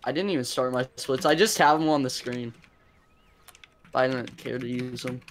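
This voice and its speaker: A man's voice: mid-range voice, normal speed, a little hiss or hum. Offhand wisecracking man on a headset. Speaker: speedrunner. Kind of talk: casual gaming chat.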